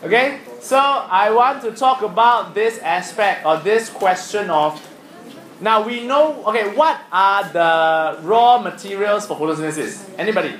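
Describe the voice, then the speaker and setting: Man, classroom science lesson, lively high voice, roomy echo. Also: measured pace. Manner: animated, teasing, asks the class questions. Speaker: science teacher.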